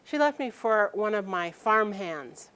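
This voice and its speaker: A woman storyteller quoting a creepy older male farmer in a slow, offhand drawl. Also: mid-range voice, animated, a bit bright, clean tone. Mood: sly.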